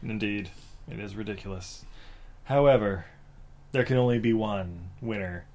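A man's voice: lowish voice, normal speed, a little mellow. Jokey man co-hosting a podcast. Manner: jokey, laughs often. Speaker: podcast co-host. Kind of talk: casual chat, mock awards show.

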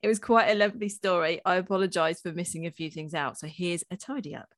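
A woman's voice: fairly low pitch, steady tone, fast. A woman co-hosting a podcast in casual chat, laughing often and swearing freely. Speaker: podcast co-host.

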